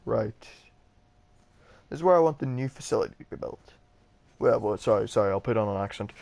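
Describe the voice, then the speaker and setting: A man's voice: fairly low pitch, brisk, creaky, pauses often, a little mellow. A young man casually commenting on a game he is playing, rambling and self-deprecating with lots of fillers. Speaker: gaming channel host. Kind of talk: casual let's-play commentary.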